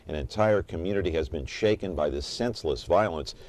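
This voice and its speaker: A man with a very deep voice hosts a local talk show. He talks earnestly and directly to the viewers at home. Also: fairly quick, a little mellow.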